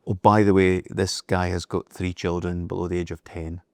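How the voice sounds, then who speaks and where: Here a middle-aged business leader is the interview guest, telling stories conversationally and performing each line of dialogue in the retelling. He speaks at a moderate pace in a deep, darkish voice with little inflection. The audio is studio quality, with no room sound.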